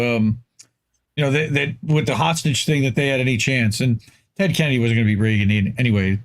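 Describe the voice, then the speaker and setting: A man appearing as a guest commentator in a casual political chat, blunt and mocking, with frequent stammering restarts. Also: mid-range voice. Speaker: guest, independent news commentator.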